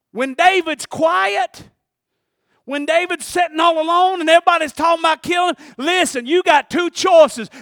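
Male preacher, very high, bright voice, animated sermon, calls for amens, shouts and drops quiet. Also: no room sound, clean studio sound. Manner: animated, call-and-response, shouting then dropping quiet. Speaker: pastor.

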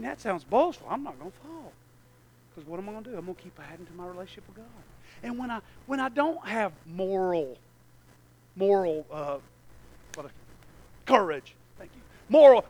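A pastor delivers a sermon to his church in a strikingly high, bright voice. He swings between hushed, low asides and near shouting, calling out to the congregation as he goes.

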